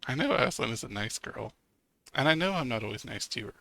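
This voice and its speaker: A man's voice: medium pitch, animated, brisk, gravelly, bright, forceful tone, no room sound. A man streaming a narrative game, reading its text aloud with casual commentary and swearing. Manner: swears and laughs while reacting.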